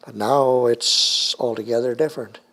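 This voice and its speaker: Older man recalling his childhood, halting. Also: mid-range voice, steady tone, a bit bright. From United States. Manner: rambling, halting with many fillers. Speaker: interviewee. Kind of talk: oral history interview.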